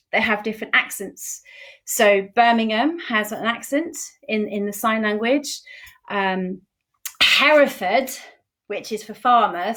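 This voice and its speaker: A woman with a British accent teaching a beginner sign language lesson, explaining slowly and patiently with an expressive voice. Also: a little high. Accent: British English. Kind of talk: informal teaching video.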